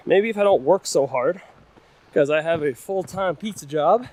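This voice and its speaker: A young man vlogs his hike up a rocky trail, chatting breathlessly and self-deprecatingly to viewers in a casual way. His voice leans high with a darkish tone and a slightly slow pace, recorded outdoors on a camera-mounted shotgun mic with wind audible.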